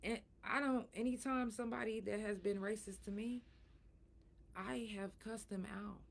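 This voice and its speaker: A middle-aged woman hosting her own podcast, talking frankly and emphatically, sore and breathy at times from a recent surgery. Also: medium pitch, slight background noise. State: in pain after surgery, soft and breathy at times. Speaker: podcast host. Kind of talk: casual solo talk.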